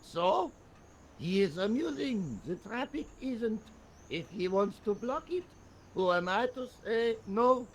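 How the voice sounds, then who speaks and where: Game casting: slow, high, lilting French cop who can't be bothered. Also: male voice, big pitch swings, a little hiss or hum, full character voice. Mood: languid. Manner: languid, unbothered, drawling. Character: lazy, amused French male police officer.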